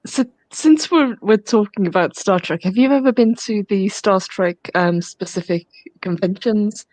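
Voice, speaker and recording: A woman's voice: mid-range voice, a little slow, a little mellow, no echo, low-quality recording. A woman who is a guest on a casual talk show, asking curious questions. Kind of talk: casual chat.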